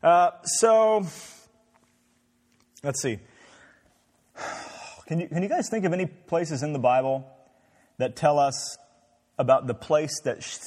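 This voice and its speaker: A man's voice: medium pitch, measured pace, long pauses, darkish tone, long reverb tail. A man leading an interactive Bible class, asking the group many questions in a conversational way. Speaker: Bible study teacher.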